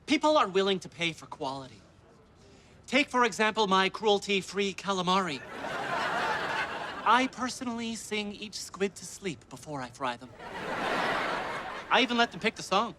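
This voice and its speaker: Smug foodie chef, lively pitch. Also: male voice, normal speed, pauses often. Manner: smug and pompous. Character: pompous snobbish gourmet food truck chef, man. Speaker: food truck chef. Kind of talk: sitcom acting. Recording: background noise.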